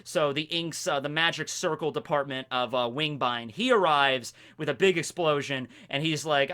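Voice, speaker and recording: A young man hosting a video, casually recapping a manga chapter in an animated, rambling way. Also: fairly high pitch, moderate pace, few pauses, clean tone. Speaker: video host reviewing a manga. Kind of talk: casual chat.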